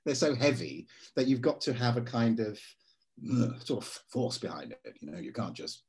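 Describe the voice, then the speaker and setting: A man, an actor being interviewed, telling stories in a lively way and slipping into voices for quotes. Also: mid-range voice, moderate pace. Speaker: actor guest. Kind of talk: casual interview.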